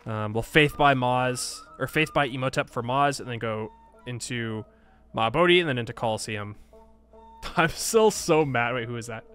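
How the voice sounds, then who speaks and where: A man's voice: mid-range voice, moderate pace, a bit bright, clean tone, faint music behind. A man playing a strategy game and thinking aloud in casual commentary, often sighing and laughing at himself. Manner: thinks aloud, frustrated and self-mocking, frequent sighs and laughs. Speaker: gaming YouTuber. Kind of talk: casual Let's Play commentary.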